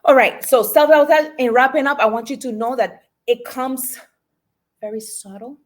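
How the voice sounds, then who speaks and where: A woman's voice: high-pitched, steady tone, normal speed. Woman, life coach, motivational podcast talk, emphatic, repeats affirmations. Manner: emphatic, coaching, repeats affirmations, asks listener to speak along.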